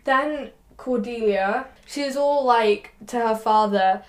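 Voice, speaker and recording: A woman's voice: on the high side, steady tone, takes it slowly, hardly any pauses. A young adult woman hosting a podcast, chatting casually with lots of "like" and reading out quotes now and then. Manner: chatty, loose with many likes, reciting quotes in between. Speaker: podcast host.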